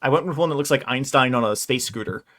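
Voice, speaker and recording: A man in his thirties co-hosting a book club podcast, relaxed and wry, steering the discussion. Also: mid-range voice, fast talker. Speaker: podcast co-host. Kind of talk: casual book club chat.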